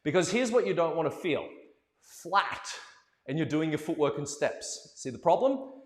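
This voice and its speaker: Playful dance teacher in an echoey room. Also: male voice, fairly high pitch, normal speed. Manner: playful, animated, joking asides, counting beats aloud. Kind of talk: live dance lesson. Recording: echoey room with long reverb.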